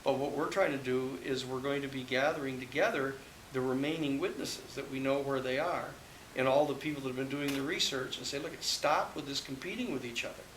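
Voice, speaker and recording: A man's voice: medium pitch, steady tone, fairly quick. A man, a public interest lawyer, telling stories at length at a book talk with audience questions, rambling with many restarts and fillers. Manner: rambling storyteller, many restarts and "you know". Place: hall with live audience. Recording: echoey hall, faint hiss.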